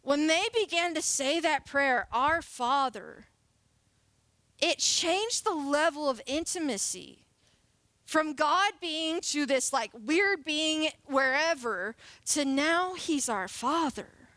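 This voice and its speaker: High-voiced playful young woman preaching. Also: expressive, slow, bright, forceful tone, no echo. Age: 20s. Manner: casual, chatty and playful, laughing often. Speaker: youth pastor. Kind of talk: sermon.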